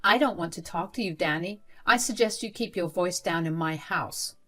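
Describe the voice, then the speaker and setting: A woman's voice: on the low side, moderate pace, sharp tone. A woman reading as a sneering cold grandmother. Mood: contemptuous. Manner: sneering, dismissive. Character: cold contemptuous grandmother, school principal.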